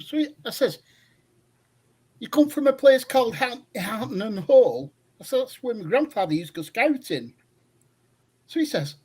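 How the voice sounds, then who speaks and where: A man's voice: high voice, a little mellow, slightly rough. An older man calling in to a fan phone-in, telling long rambling stories with many hesitations. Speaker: caller. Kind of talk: phone-in chat.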